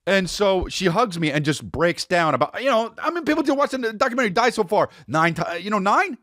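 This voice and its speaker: A man hosting a podcast, telling a rambling comic story in a profane, animated way. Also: sits high, fast talker, dry recording, clean studio sound. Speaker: podcast host. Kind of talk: comedic storytelling.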